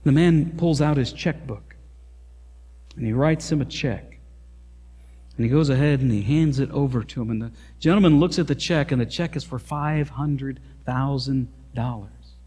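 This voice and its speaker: A male pastor preaching a sermon, telling a story in an animated, emphatic way. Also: medium pitch, moderate pace, slightly rough, big-room sound.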